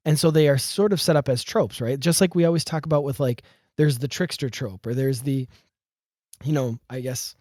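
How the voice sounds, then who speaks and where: Male podcast co-host, mid pitch, hesitant and casual, dry studio sound. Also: moderate pace, a little mellow, dry recording. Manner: loose, hesitant, thinks aloud with fillers.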